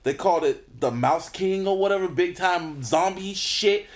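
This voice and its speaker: A man's voice: high voice, moderate pace. A man co-hosting a podcast, telling funny anecdotes in casual chat. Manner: anecdotal, laughs through stories. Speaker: podcast co-host.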